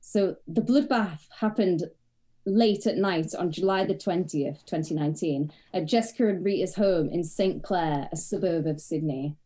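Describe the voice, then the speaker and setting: An English woman co-hosting a comedy podcast, relaxed and chatty. She talks in a frank, wry manner with plenty of swearing and easy laughs. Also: lowish voice, normal speed. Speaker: podcast co-host. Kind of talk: casual comedic chat.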